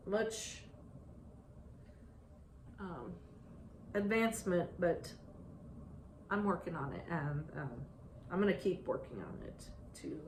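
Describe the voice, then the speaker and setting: A woman chatting casually about her stitching projects, halting and restarting often with ums. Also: fairly low pitch. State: out of breath. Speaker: stitching vlogger. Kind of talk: casual show-and-tell chat. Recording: echoey room, faint ambient noise.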